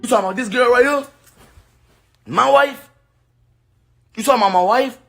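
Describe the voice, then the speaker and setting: Woman doing angry man, shouting, sharp bright voice, rapid indignant rant. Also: soft background music. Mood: outraged. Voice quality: shouting, gravelly and high. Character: furious man defending his wife.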